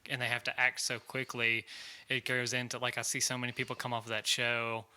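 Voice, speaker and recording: A man's voice: mid-range voice, completely flat delivery, brisk, bright, forceful tone, clean tone. A young man hosting a podcast, talking in an easygoing, encouraging way with many fillers. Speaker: podcast host. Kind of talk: casual interview chat.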